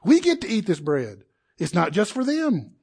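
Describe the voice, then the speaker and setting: A man preaching a sermon in an animated way, acting out the crowd's voices and building to indignant peaks. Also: high voice, normal speed, vocal fry, husky.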